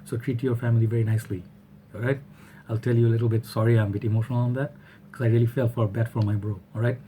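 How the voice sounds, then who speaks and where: A man's voice: medium pitch, flat delivery, rapid-fire, dark tone, slight background noise. A man from Bangladesh, chatting loosely through a product review and often checking in with "all right?". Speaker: fragrance reviewer. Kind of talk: casual product review vlog.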